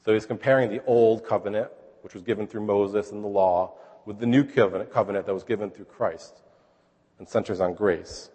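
A man's voice: on the low side, fairly even intonation, brisk, dark tone, slightly rough, in a large hall. A man preaching a sermon, explaining scripture in a conversational way and checking in with his listeners. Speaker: pastor.

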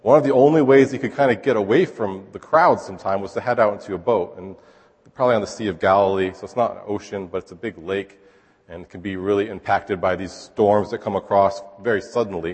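Husky-voiced male preacher in a hall. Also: lowish voice, darkish tone. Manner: chatty, asks the listeners rhetorical questions. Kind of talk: conversational sermon. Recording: long hall reverb.

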